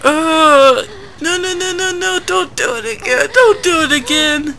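Squeamish high-voiced woman gamer. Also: slow, noisy background. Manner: squeamish, pleading with the game; talking through clenched teeth. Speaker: let's play gamer. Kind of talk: gameplay commentary.

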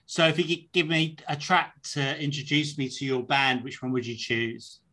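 A man's voice: mid-range voice, little pitch movement, moderate pace, bright, forceful tone. A middle-aged English man from Devon with a mixed English accent, hosting a casual interview, chatty and swearing freely. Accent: English, mixed southwest and northeast. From Devon, England. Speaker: host.

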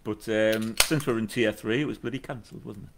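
A man's voice: on the low side, steady tone, a little fast, creaky, background noise. A middle-aged man, chatting casually and wryly between songs as a musician hosting his own live stream. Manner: rambling, wry and self-mocking. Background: acoustic guitar.

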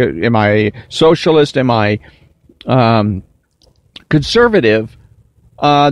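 A man delivering a political commentary monologue, deliberate and emphatic, slowing to stress key words. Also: medium pitch, no echo. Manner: deliberate, emphatic, drawn-out stresses, mocking whiny impressions.

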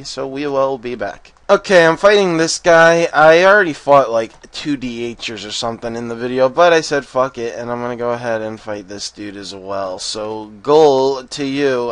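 A man giving casual gameplay commentary, excitable and profane, often bursting into rapid panicked strings of "no" and laughing. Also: on the high side, dry recording. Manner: swears freely and laughs often. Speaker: game commentator.

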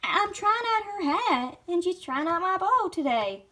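A cheerful young farm filly pony from a cartoon, played by a woman. She chats in a very high, lively voice. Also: a little slow, full character voice. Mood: chatty.

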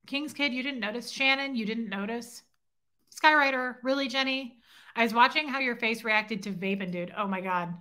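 Bright-voiced chatty woman livestreaming. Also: on the high side, moderate pace. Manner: chatty, self-deprecating, teasing viewers. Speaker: livestream host. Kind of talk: casual livestream chat reading comments. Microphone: phone.

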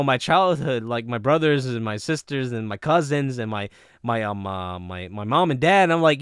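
A man's voice: a little high, clean tone, no echo, studio quality. A man casually reviewing a product, rambling with many fillers and restarts.

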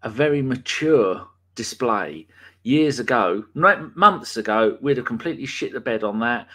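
A podcast host with a mid-range, expressive, slightly bright voice speaks at a moderate pace during a casual live podcast. He reads viewers' names from the chat aloud, bantering and swearing now and then.

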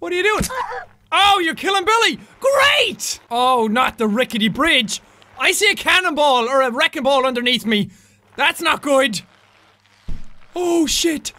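A man giving loud, excitable let's-play commentary, shouting, swearing and joking as he plays. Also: extremely high pitch, creaky. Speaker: gaming video host. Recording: noisy recording.

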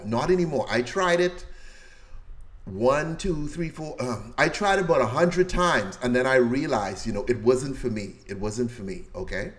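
A man from the Bahamas hosts a loose livestream and reads viewer comments aloud. His voice sits at an ordinary middle pitch, and he talks in a joking, slangy way, laughing often. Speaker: livestream host. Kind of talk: casual livestream chat reading viewer comments.

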